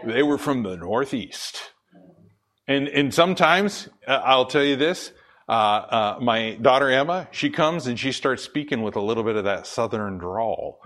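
With a medium-pitched, slightly bright voice and lively intonation, a man from the Pacific Northwest preaches unhurriedly in church as the congregation laughs. The pastor reads scripture aloud, speaks conversationally and answers the questions he raises himself.

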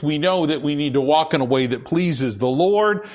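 A man's voice: a little high, lively intonation, normal speed, darkish tone. A middle-aged man giving a conversational sermon and personal testimony, earnest and hesitant, with many fillers and restarts. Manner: earnest, confessional. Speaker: lay preacher.

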